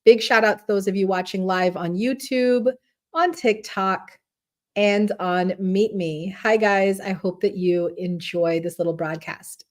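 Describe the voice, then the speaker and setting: A woman's voice: mid-range voice, a little slow. A middle-aged woman hosting a casual wellness livestream, chatty and friendly, often tagging her sentences with "right?", and a little out of breath. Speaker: podcast host and wellness center owner.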